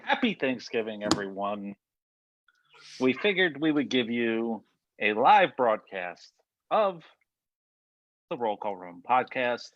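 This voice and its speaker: A man co-hosting a casual podcast, teasing his friend in a deadpan way, with a slight lisp from a bitten tongue. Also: mid-range voice, slow, pauses often, no room sound, highs cut off. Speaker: podcast co-host. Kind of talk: casual joking chat.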